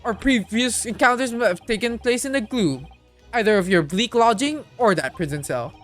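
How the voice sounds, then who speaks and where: A woman voicing a pompous, eccentric gentleman detective in a game, speaking with lofty, mannered formality. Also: a little high, expressive, normal speed, faint music behind, close to an everyday voice. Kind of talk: reading a visual novel aloud.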